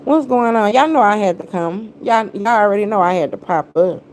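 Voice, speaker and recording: A woman's voice: medium pitch, lively intonation, fairly quick, hardly any pauses, a little mellow, slight background noise. A woman hosting her own livestream, greeting viewers by name and then ranting in a heated, confrontational, slang-heavy way. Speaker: livestream host. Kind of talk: casual livestream rant.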